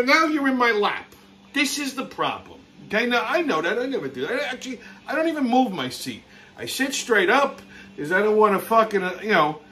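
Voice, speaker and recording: A man hosting a show and telling a story in a brash, profane, animated comic rant. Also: high-pitched. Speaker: show host.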